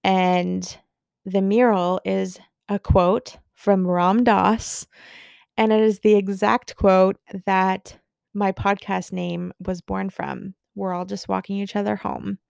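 A young woman hosting a podcast, telling a story in a gushing, excitable way with lots of fillers. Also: mid-range voice, slow pace, gravelly, smooth, no echo, studio quality. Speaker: podcast host. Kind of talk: casual storytelling monologue.

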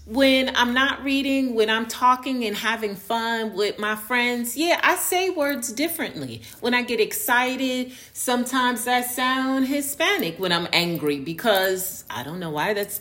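On her solo podcast, a New York woman earnestly lays out her views in a casual monologue, restarting sentences and using fillers. Her voice is slightly high, expressive and a touch bright, with a measured pace and few pauses.

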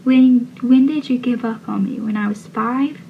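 A woman's voice: a little high, moderate pace, creaky. A woman voicing a hurt teenage boy who pleads emotionally with his father, in a dull, lo-fi recording with faint hiss. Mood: pleading.

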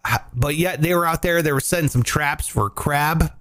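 Man, comedy show host, animated storyteller, fairly high voice. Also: moderate pace. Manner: animated storyteller, swears freely. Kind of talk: casual comedic chat.

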